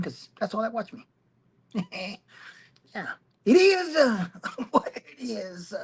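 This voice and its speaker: A middle-aged man hosting a casual commentary livestream from his phone, rambling and self-mocking, laughing often. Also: high-pitched. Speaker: host.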